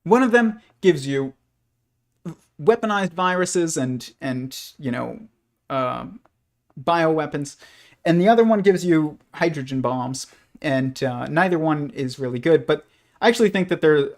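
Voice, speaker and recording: A man's voice: fairly high pitch, animated, unhurried. A man hosting a livestream, talking through ideas in a rambling, hesitant way with many fillers and restarts. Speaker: livestream host. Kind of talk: casual livestream commentary.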